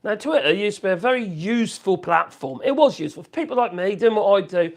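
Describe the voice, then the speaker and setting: A man's voice: high voice, lively intonation, quick pace. A man chatting casually on a live stream from his home office, rambling and reacting to viewer comments. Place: home office room with wood burner.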